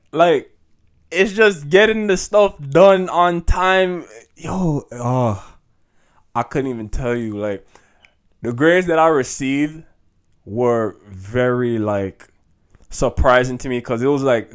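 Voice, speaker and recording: A young man talks through a laid-back podcast monologue. He speaks slowly at a mid pitch, chatty and quick to laugh, with lots of "yo" and "like". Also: clean tone. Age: young adult. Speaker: podcast host. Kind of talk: casual monologue.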